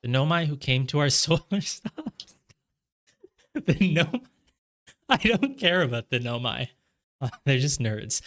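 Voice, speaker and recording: A man talks through a game as he plays it, thinking out loud in a casual, meandering way. He leans on "like" as a filler while he works out his ideas. Small laughs break up his sentences, and his pitch sits at an ordinary middle level. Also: lively intonation, unhurried, long pauses. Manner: musing aloud, heavy on "like" fillers. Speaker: gamer playing through a game. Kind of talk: casual let's-play commentary.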